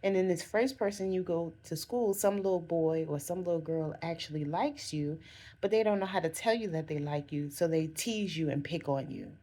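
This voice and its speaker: A woman's voice: low-pitched, warm tone. A woman vlogger talking through a reflective self-help monologue in a conversational way, often saying "you know" and "again" and correcting herself as she goes.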